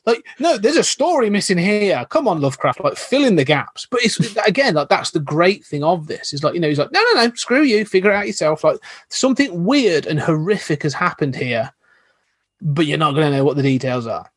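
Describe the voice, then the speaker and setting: A man's voice: fairly high pitch, lively intonation, a little fast, slightly rough, no room sound. A man, a podcast guest, telling stories in an enthusiastic, rambling, casual way. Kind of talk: casual chat.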